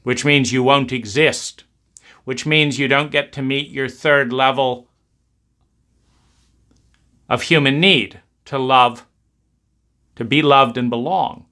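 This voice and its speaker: A man giving a reflective talk, speaking in slow, emphatic, repetitive cadences. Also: mid-range voice, fairly even intonation, pushed and bright.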